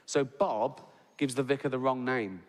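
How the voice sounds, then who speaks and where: Speaking at normal speed in a mid-range voice, this Englishman in his sixties does stand-up storytelling, ending lines with "right?" and laughing at his own jokes. The recording is very noisy and carries a long hall reverb.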